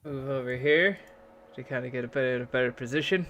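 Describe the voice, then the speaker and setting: A man's voice: medium pitch, fast talker, fairly bright tone, dull audio, slight background noise. A man playing a tabletop game, thinking aloud and mocking his own plans. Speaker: player.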